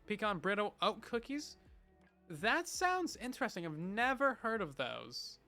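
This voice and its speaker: A man's voice: high voice, unhurried, faint music behind. A young man livestreaming, chatting casually and playfully while reading viewer messages. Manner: playful, animated, chatty with frequent laughs.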